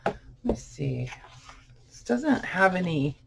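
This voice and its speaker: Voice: mid-range voice, sing-song, takes it slowly, vocal fry, background noise. A vlogger chatting casually while unboxing old books, rambling and full of fillers. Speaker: vlogger showing book finds.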